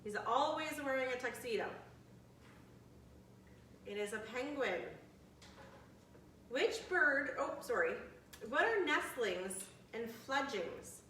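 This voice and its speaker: A woman in her forties leading a bird trivia quiz for seniors, chatty and friendly, reading questions out slowly. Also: sits high, expressive, bright, forceful tone, slight background noise. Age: 40s. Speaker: activity leader. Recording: echoey room, from a distant mic.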